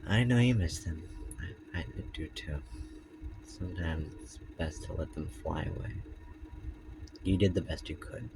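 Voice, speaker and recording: Hushed tender ghost, low and quiet, slow storybook voice, a man putting it on. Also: vocal fry, music in the background.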